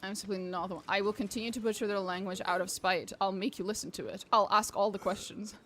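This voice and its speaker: A woman's voice: mid-range voice, steady tone, fast, fairly bright tone, slight background noise. A young woman streaming a game, chatting casually with her viewers, swearing and laughing often. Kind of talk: casual chat while gaming.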